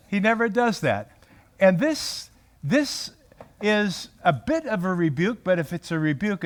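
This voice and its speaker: A man teaching a Bible study to a group in a room, animated and often breaking off his sentences to restart them. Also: high voice, unhurried. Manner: animated, self-interrupting, acts out quotes.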